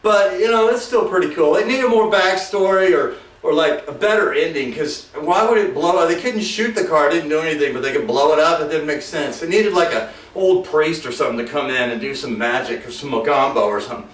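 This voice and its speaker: A man's voice: a little high, brisk, hardly any pauses. A man reviewing a movie in a rambling, jokey, sarcastic way, drifting into asides and mocking the characters. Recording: roomy echo, mic far off.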